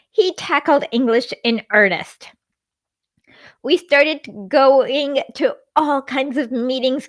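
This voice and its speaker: A woman's voice: a little high, a bit bright. A woman hosting a livestream, reading a book aloud and breaking off for chatty asides and self-corrections.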